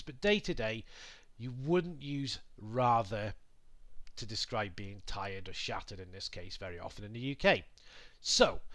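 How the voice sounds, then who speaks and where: A man teaching English grammar to learners, patient and clear, with lots of example sentences. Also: mid-range voice, a bit bright, no echo.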